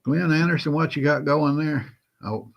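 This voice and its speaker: A man's voice: fairly high pitch, steady tone, moderate pace, gravelly. A man with a Southern accent hosting a casual livestream, greeting viewers by name in a folksy way. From Southern United States. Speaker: host of a prepping livestream.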